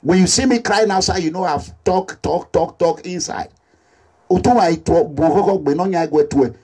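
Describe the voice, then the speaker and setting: A man with a Nigerian accent making an impassioned social media appeal as a political activist, animated and repetitive, slipping into Pidgin English. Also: sits high, normal speed, breathy edge. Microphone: phone or camera selfie video.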